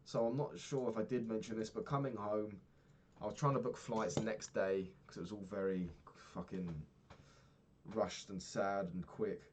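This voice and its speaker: A man's voice: lowish voice, fairly even intonation, normal speed, background noise. A young man in a casual diary vlog, rambling and swearing as he rants about his money. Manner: rambling, swears a lot, ranting. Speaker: vlogger.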